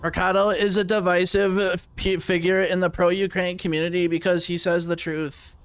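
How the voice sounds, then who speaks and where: A man's voice: high-pitched, flat delivery, normal speed, a bit bright, clear, resonant tone, voice pushed up. A man doing a sneering, whiny online critic. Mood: mocking. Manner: sneering, mocking.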